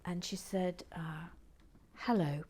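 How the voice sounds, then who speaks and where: A woman hosting her channel in relaxed, playful chat, often dropping into whispered asides and stammering restarts. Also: lowish voice, unhurried. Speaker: channel host building and reviewing brick sets. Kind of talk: relaxed casual chat to viewers.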